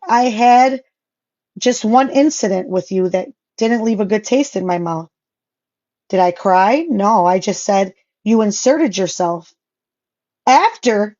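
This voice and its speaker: A woman's voice: on the high side, a little mellow, muffled recording. Blunt, profane woman ranting on a vlog. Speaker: social media vlogger.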